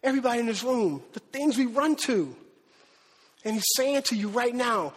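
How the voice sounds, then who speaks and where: Here the pastor's very high voice is expressive and breathy-edged, moving at a normal pace. Preaching conversationally in the church sanctuary, he poses rhetorical question after rhetorical question, with a long reverb tail trailing his words.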